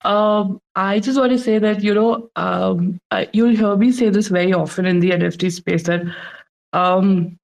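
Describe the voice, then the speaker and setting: Tearful woman artist with a gravelly, creaky voice. She speaks haltingly and emotionally in a casual live chat. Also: mid-range voice, steady tone. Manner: emotional, halting, many fillers. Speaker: artist guest.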